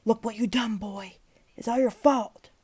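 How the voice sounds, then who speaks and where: A woman voicing a grief-stricken old man in his seventies who sobs and shouts accusations in a spoken horror story. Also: on the high side, a little slow, breathy edge, no echo, pitched above the performer's own voice. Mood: bitter.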